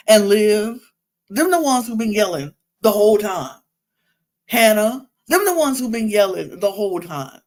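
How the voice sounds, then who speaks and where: Podcast lady going off about a reality show, voice jumping all over, exasperated asides. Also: medium pitch. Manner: animated, exasperated ranting with lots of asides. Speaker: podcast host. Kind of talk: reality TV recap chat.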